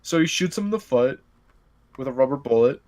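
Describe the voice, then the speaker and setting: A man, the game master, casually retelling his tabletop role-playing session in an animated, rambling way. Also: mid-range voice, a little fast. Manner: rambling, animated, lots of filler and restarts.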